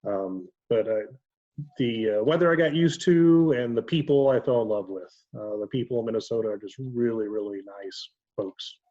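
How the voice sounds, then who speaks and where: A man with an Ohio accent telling relaxed stories as a guest in casual chat, often pausing with ums and correcting himself. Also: on the low side, dull audio. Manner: relaxed storytelling with frequent ums and self-corrections. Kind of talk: casual video-call chat.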